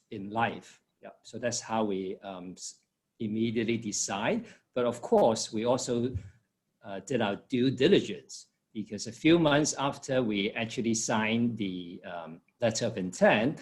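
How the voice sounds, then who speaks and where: A man from Hong Kong answering an interview question in a measured, explanatory way, with short laughs now and then. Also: on the low side. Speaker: interviewee, former finance professional.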